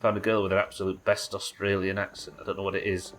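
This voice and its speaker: A man's voice: deep voice, completely flat delivery, fast, a bit bright. A man with a New Zealand accent streaming a video game live, thinking aloud, swearing casually and answering chat. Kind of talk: live gameplay commentary.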